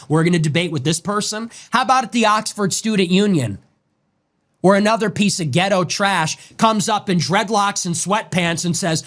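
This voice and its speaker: High-voiced man in a furious rant. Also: normal speed, fairly bright tone. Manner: furious, swearing, sarcastic. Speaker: commentator. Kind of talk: angry profane rant.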